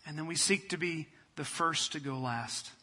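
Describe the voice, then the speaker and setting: A man preaching a sermon, building to loud passionate peaks and dropping to a soft, quiet prayer. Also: fairly high pitch, normal speed, long reverb tail. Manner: preaching with rising fervor, then quiet prayer. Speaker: pastor.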